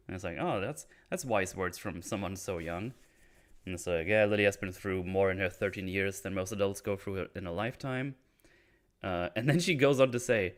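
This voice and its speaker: A man's voice: low voice, normal speed. A man casually discussing a horror movie with friends, full of fillers and retold scenes. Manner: hesitant, many fillers, retells scenes. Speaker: podcast host.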